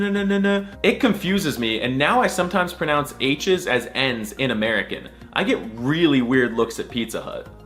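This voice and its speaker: A man's voice: medium pitch, fairly bright tone. A man giving a comedic alphabet lesson, with exaggerated mock-serious delivery and sudden squealing outbursts. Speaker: comedy language tutor.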